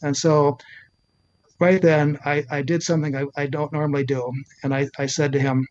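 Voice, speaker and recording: An older man, a physician telling a personal story in an interview, earnest and halting, often restarting his sentences. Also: fairly high pitch, level tone, darkish tone, highs cut off. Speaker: physician and author.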